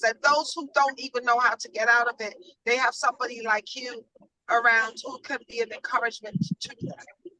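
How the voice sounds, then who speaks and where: High, bright-voiced woman on a call. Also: no room sound, recorded from a distance, rough recording. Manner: earnest, faith-based encouragement. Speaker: panel member. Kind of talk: supportive remarks on a video call.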